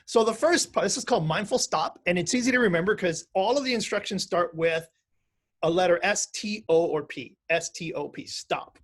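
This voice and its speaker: A middle-aged man with a high, light voice leads a casual online lesson for musicians. He talks in a chatty, self-correcting way and laughs easily. He is heard through a video call. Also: normal speed. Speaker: music teacher leading an online mindfulness class.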